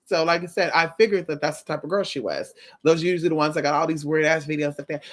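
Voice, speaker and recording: A woman's voice: low-pitched, fast talker. A woman with a slight lisp giving sassy, casual reaction commentary, talking straight to the viewer. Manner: sassy, animated, drawls "girl". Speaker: commentary host.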